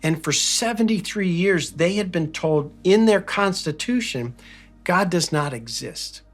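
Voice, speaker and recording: A man from Philadelphia speaks in a slightly higher than usual register, delivering a motivational talk. He tells a personal story earnestly and leans hard on his key phrases. Soft music plays quietly behind him. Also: lively intonation, a little slow. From Philadelphia, United States.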